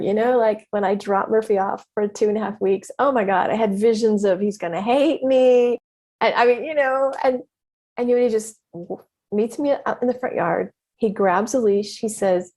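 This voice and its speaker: A middle-aged woman hosting her own podcast, telling a story in a lively, conversational way with frequent exclamations and laughter. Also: medium pitch, normal speed. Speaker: podcast host and business mentor. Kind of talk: casual solo podcast monologue.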